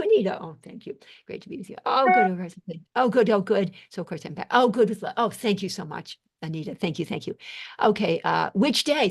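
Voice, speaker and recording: A woman's voice: medium pitch, husky. Older woman effusively thanking webinar viewers. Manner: warm-voiced, effusive thanks, halting restarts. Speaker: psychiatrist hosting a webinar Q&A. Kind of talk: live webinar Q&A, reading chat comments.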